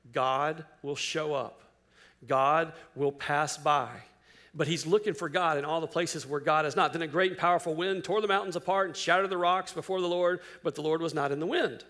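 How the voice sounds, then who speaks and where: A man preaching a sermon, firing rhetorical questions at his listeners and swinging between loud emphasis and hushed lines. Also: a little high, moderate pace. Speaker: pastor.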